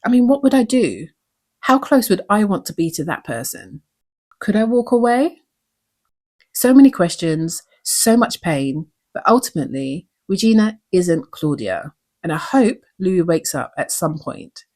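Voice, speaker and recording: A woman's voice: on the low side, sing-song, measured pace, a little mellow. A woman hosting her own channel, breaking down a TV episode with earnest emotion and many rhetorical questions. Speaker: YouTube show recap host.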